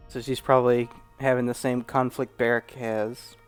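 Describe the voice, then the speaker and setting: A man's voice: medium pitch, flat delivery, moderate pace, smooth, faint music behind. Casual man narrating a game. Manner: casual, hesitant with "uh". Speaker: gaming host. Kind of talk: let's play commentary.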